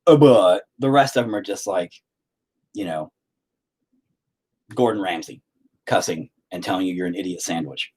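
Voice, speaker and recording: A man's voice: sits low, normal speed, pauses often, darkish tone, husky. A man hosting a livestream in casual chat, rambling and teasing the viewers with lots of profanity. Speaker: livestream host.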